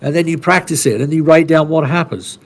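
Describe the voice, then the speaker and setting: A podcast co-host with a rough, gravelly, fried voice that sits a little high speaks briskly. He tells his story in a loose, rambling, salty, and blunt way, frequently restarting his sentences.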